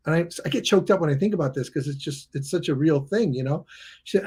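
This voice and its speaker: A middle-aged man with a high, light voice tells a personal story as a podcast guest. He talks in a loose, conversational way and acts out the people in his story with sudden loud exclamations. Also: fast talker, breathy edge. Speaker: guest, coach and author.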